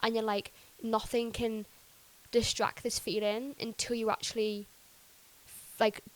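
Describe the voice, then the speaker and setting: A young woman guesting on a podcast describes her faith story, chatty and full of "like", sometimes acting out things she said before. Her voice is on the high side with little pitch movement, and she speaks a little slowly. The recording is low quality.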